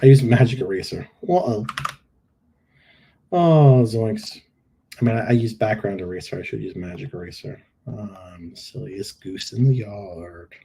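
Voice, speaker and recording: At a measured pace, a middle-aged man with a low, gravelly, warm voice gives live product listing reviews, with a faint hiss or hum in the audio. He edits images on screen, playful and jokey as he thinks out loud.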